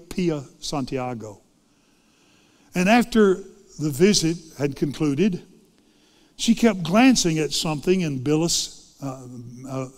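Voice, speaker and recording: Fervent male preacher in a reverberant hall. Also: fairly high pitch. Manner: dramatic, sweeping swings between loud and hushed delivery. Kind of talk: sermon.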